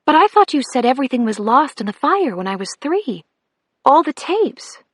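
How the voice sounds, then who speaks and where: Narrator's put-on high, pleading teenage girl, dry close read, audiobook. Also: sing-song, normal speed, breathy edge, no echo, full character voice. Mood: stunned. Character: teenage girl, eager and emotional.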